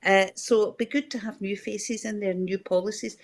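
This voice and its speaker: A woman's voice: medium pitch, steady tone, moderate pace. A middle-aged Scottish woman giving candid political comment in a news discussion, talking conversationally with many fillers and restarts.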